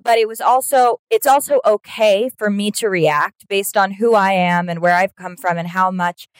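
A woman's voice: mid-range voice, moderate pace, no echo. A woman in her thirties hosting a podcast, reflective in casual chat, telling stories with quoted dialogue.

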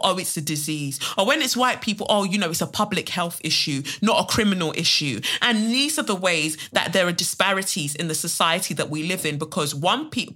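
A woman's voice: on the low side, bright, forceful tone. A woman hosting her own podcast, talking bluntly with emphatic rises and frequent swearing. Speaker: podcast host. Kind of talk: solo podcast commentary.

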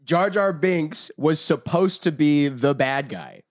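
Animated man with a higher, lively voice. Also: slow, no echo, clean studio sound. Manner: animated, laughing while explaining. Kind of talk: casual chat.

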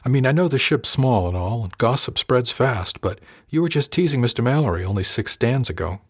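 A man voicing a smug, playful young female crew member in an audiobook, lifting his voice higher for her teasing lines. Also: animated, fairly quick, breathy edge, dry recording, clean studio sound.

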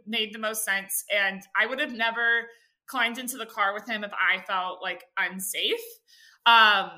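A young woman, a podcast guest, telling an animated story in casual chat, full of filler words. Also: a little high.

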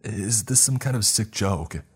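A man's voice: lowish voice, animated, a little slow, breathy edge, soft background music, voice pushed up, full character voice. A man voicing a terrified sixteen-year-old boy tied to a chair, panicked and pleading. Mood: frantic.

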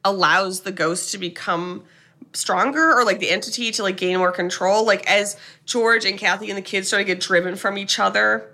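A woman's voice: medium pitch, fairly even intonation, normal speed, bright, forceful tone. A young woman co-hosting a podcast, chatting casually as she retells a film and acts out its characters' lines. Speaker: podcast co-host. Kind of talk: casual chat recapping a film.

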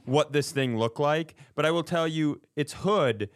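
A man's voice: a little high, a little slow, no room sound, studio quality. A man co-hosting a podcast, chatting casually with a wry, teasing manner. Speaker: podcast co-host. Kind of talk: casual chat.

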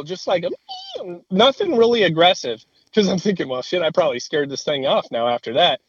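A man telling a lively story in casual chat, with a fairly high voice that climbs when he laughs. He swears freely. The sound is dry and a little muffled, with no room echo.

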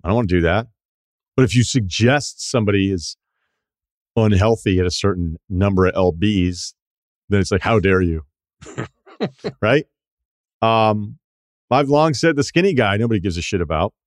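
A man's voice: lowish voice, moderate pace, long pauses, dry recording, studio quality. A man hosting a podcast, ranting in a casual, sardonic and profane way. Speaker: podcast host.

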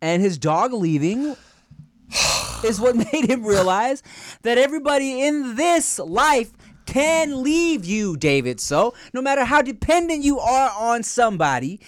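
A woman co-hosting a comedy podcast, laid-back with short replies and deadpan teasing. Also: sits high, no room sound, clean studio sound. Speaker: podcast co-host. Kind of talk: casual comedy chat.

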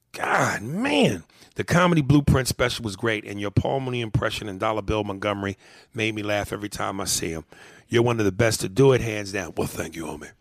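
A man's voice: on the low side, gravelly, no room sound, studio quality. A man hosting a podcast, talking in loose, profane, joking banter and reading out listener mail. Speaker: podcast host. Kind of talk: casual podcast chat.

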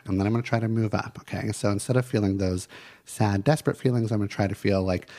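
A man's voice: on the low side, fast, dark tone. Chatty man in his forties. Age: 40s. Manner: chatty, heavy use of "like," talks through feelings step by step. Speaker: podcast co-host. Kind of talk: casual chat.

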